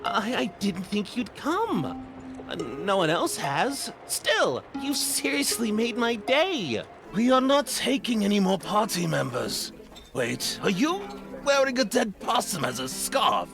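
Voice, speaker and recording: A man's voice: sits high, very animated, slow, creaky, over music, pitched above the performer's own voice, heavily acted. A man voicing a shy, awkward young male nerd who stammers eagerly.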